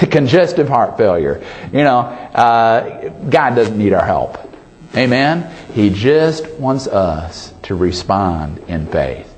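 Male pastor, sermon, animated pitch, emphatic, amen calls. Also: slow pace.

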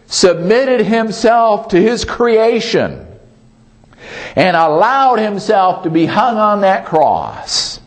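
Lively, slow-preaching male pastor. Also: high voice. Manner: folksy, asks the congregation "Amen?"; self-deprecating humor. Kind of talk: sermon.

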